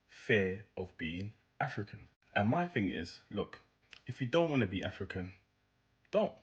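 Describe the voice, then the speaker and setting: A man's voice: on the low side, husky. A man delivering a mocking, sarcastic social media rant in a dull lo-fi recording. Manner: sarcastic, incredulous. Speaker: commentator.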